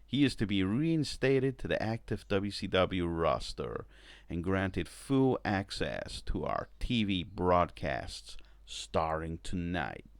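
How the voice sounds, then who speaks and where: A man voicing a commanding male TV network executive in a slow, deliberate put-on accent, in a dry, close recording. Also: low voice, gravelly, no room sound, heavily acted.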